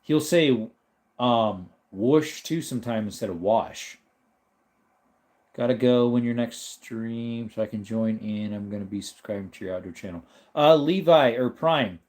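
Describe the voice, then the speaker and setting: A relaxed American man hosts a live stream from his home, talking casually and reading out comments from the chat. His delivery is loose and chatty, often broken up by laughter. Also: medium pitch, a little slow. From United States.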